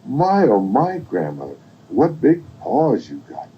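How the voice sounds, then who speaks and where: A sweet young girl from a bedtime story, singsong and lilting, as an older man plays her. A husky, dark grain stays under the raised pitch. The recording is dull and lo-fi. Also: huge pitch swings, unhurried, recorded from a distance, exaggerated voice. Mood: wondering. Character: sweet young girl, Little Red Riding Hood.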